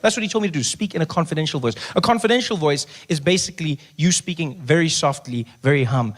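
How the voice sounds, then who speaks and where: A man in his thirties tells a stand-up story, animated and quick to act out other people's voices. His voice sits on the higher side for a man and keeps swinging between loud bursts and hushed asides. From South Africa. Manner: animated, acts out voices, drops to a hush for effect. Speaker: stand-up comedian.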